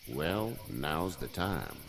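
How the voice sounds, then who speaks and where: Hershel, a gravelly Southern farmer. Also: male voice, extremely low pitch, very animated, extremely slow, noisy background, exaggerated voice. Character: older male farmer, calm, plainspoken. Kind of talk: video game voice acting.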